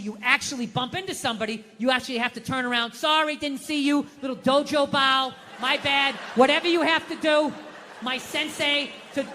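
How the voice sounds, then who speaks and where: A man does a stand-up set in a big room, his voice high and bright as he rants and swears his way through the bit. The long echo of the hall hangs behind him, with a faint hiss underneath. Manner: ranting, swearing, acts out quotes. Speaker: stand-up comedian. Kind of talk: stand-up routine. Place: comedy club stage. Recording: echoey hall with faint noise.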